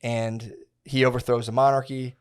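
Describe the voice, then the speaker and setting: A man's voice: mid-range voice, flat delivery, normal speed, smooth. Rambling young man on a podcast. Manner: rambling, lots of "like" and restarts, quotes people in a bro voice. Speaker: podcast co-host. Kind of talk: casual podcast chat, rambling history retelling.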